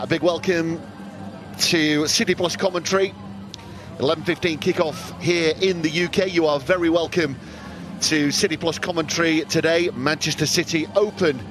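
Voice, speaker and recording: A man opening a football commentary in a formal, welcoming broadcast manner. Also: a little high.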